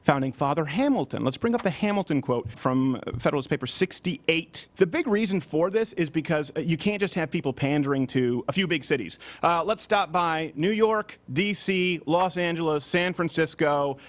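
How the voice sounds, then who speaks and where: A man's voice: fairly high pitch, expressive. A man hosting an opinionated commentary show, rebutting clips in a mocking, emphatic way. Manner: mocking, emphatic, fast-talking. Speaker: political commentary host.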